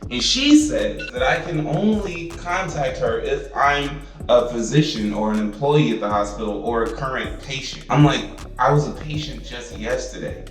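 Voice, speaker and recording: A man's voice: medium pitch, animated, normal speed, few pauses, roomy sound, far from the mic, soft background music, low-quality recording. A young man ranting profanely and with exasperation in a casual vlog. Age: young adult. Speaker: vlogger.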